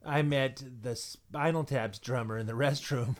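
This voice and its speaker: A man hosting a casual interview, prompting his guest with relaxed questions. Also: mid-range voice, a little slow. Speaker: interview host.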